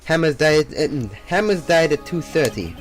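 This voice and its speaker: A man's voice: on the high side, lively intonation, normal speed, faint music behind, close to an everyday voice. A man voicing a brusque middle-aged female TV producer, with terse, clipped lines and a loose attempt at an Italian accent.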